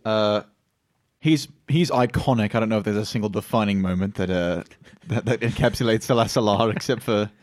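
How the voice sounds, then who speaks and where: Low-voiced, dry-joking man at a game table. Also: brisk, a little mellow, dry recording. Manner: amused, dry jokes. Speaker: player. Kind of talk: casual tabletop game chat.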